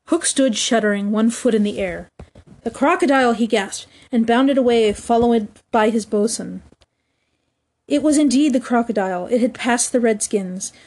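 A woman reads a classic children's story aloud in a measured, even storytelling manner. Her voice sits a little high and sounds soft and mellow. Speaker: audiobook reader. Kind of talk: storybook narration.

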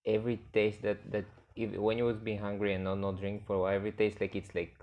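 A man's voice: fairly low pitch, monotone, dull audio. A man hosting a podcast, speaking as a with frequent restarts and loose grammar. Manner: halting, many restarts, non-native grammar. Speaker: podcast host and coach. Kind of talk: casual interview chat.

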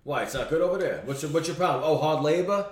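A man's voice: on the high side, expressive, fast, reverberant, far from the mic. A man co-hosting a podcast, ranting bluntly in casual chat and swearing freely. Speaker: podcast co-host.

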